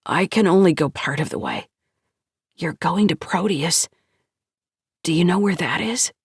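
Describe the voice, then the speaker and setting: Female narrator playing guilty male scientist, shaky halting delivery, soft breathy tone, slow. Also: lowish voice, dry recording, studio quality, heavily acted. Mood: urgent. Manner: trembling, halting speech. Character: remorseful middle-aged male scientist, trembling and apologetic.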